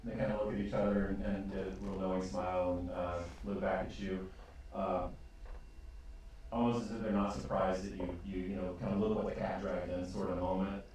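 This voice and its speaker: Rambling game master in an echoey room. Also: male voice, deep voice, little pitch movement, a little fast, darkish tone. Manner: rambling, hesitant, full of ums. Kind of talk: narrating a tabletop game. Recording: echoey room, distant mic, faint noise.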